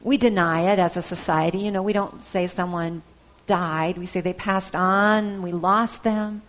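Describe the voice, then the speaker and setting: A woman's voice: lowish voice, fairly even intonation. Woman preaching a storytelling sermon. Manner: storytelling, with soft pauses and hesitations.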